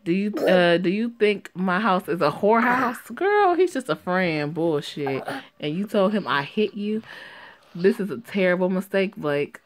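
A woman reading a story game aloud and reacting to it in a sassy, profane way that is quick to laugh. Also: lowish voice, animated.

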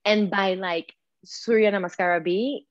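A woman guest on a video call, telling her story in a casual interview, animated, laughing often and acting out what people said. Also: mid-range voice, measured pace, no room sound, muffled recording. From Panama. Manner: animated, laughing, acts out quotes, many "like" fillers. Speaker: podcast guest, yoga teacher.

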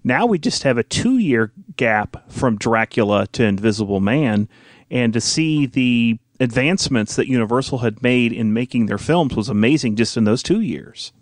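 A man guesting on a podcast, chatting eagerly with a few halting restarts. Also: medium pitch, animated, dry recording, clean studio sound. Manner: eager, a bit halting, fond of the films. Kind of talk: casual chat.

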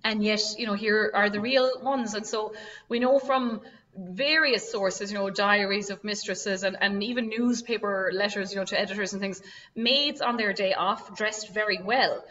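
A woman's voice: medium pitch, steady tone, moderate pace, a bit bright. Irish woman giving a chatty online talk, lots of fillers, sounds far from the mic and kinda muffled. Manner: conversational, full of "you know" fillers. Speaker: museum director presenting a talk. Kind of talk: virtual presentation. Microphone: video call.

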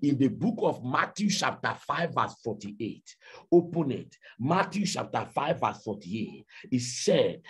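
A man preaching a sermon, telling a story dramatically and swinging from hushed to shouting. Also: medium pitch, very animated, a little slow. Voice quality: very husky. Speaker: pastor.

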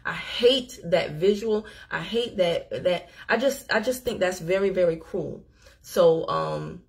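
Chatty woman telling a story on a livestream. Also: on the low side. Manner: animated, chatty, talks straight to the audience. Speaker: livestream host. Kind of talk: casual storytelling to viewers. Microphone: phone or webcam on a live stream.

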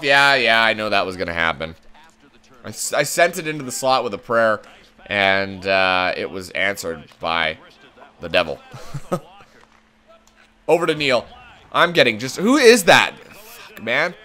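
A man's voice: on the low side, lively intonation, measured pace, pauses often, bright, forceful tone. A man commenting on his own hockey video game play, calling the action like a broadcaster and swearing when it goes wrong. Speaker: gaming channel host.

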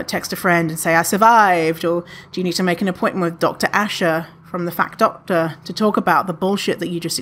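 A woman hosting a podcast, talking candidly and casually to listeners, with many fillers and lively retellings. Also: lowish voice, a little hiss or hum. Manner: candid, chatty, frequent fillers, animated when retelling. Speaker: podcast host answering listener questions.

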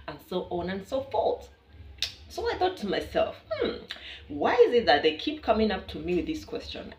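A woman's voice: lowish voice, a little hiss or hum. A woman from Kenya with a Kenyan accent, chatting playfully and with lots of energy to her viewers. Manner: chatty, playful and animated, laughs often. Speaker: vlogger. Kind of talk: casual vlog chat to camera. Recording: echoey room with a distant mic.

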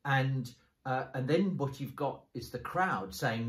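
A man in the role of a bishop explains scripture in relaxed conversation, building his points slowly and often restarting a phrase. His voice sits at an ordinary middle pitch. The recording carries a noticeable roomy echo. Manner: thoughtful, explains step by step with frequent restarts. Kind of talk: conversational bible discussion.

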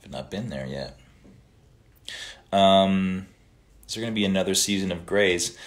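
A man with a deep, low voice hosts a laid-back livestream and reads viewer greetings aloud. He answers questions casually and often slips into short Italian phrases. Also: expressive, measured pace. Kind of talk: casual live chat reading viewer comments.

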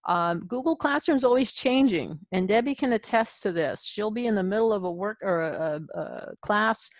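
Speaking at a moderate pace in a medium pitch, a woman presents an instructional webinar for adult learners. She stays casual and conversational, checking in with "okay?" along the way, and the recording has no room sound.

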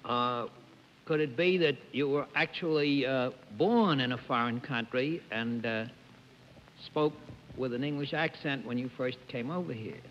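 A man at a middle pitch questions a guest on a 1950s panel show, pausing with a lot of "uh"s. The broadcast is dull and faintly hissy, with studio reverb. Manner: halting, with many "uh"s.

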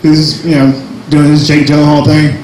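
A man's voice: on the high side, level tone, moderate pace, a little mellow, echoey room, a little hiss or hum, rough recording. A young man doing a crude, self-mocking stand-up set at an open mic, full of jumpy asides. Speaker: stand-up comedian. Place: small cafe comedy night.

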